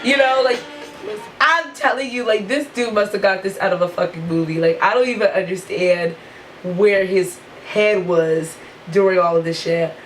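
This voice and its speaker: A woman vlogger telling a storytime in an animated, profane way, saying "like" constantly. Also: mid-range voice, normal speed, soft background music, low-quality recording. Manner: animated, profane, heavy use of "like". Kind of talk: storytime vlog.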